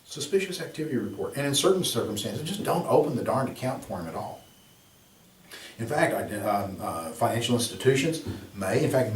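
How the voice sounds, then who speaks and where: A man's voice: fairly low pitch, a little hiss or hum. Male instructor, loose conversational classroom delivery full of asides, recorded from a distance with room echo. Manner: conversational, rambling, with many fillers and rhetorical questions. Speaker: exam prep instructor. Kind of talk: classroom lecture.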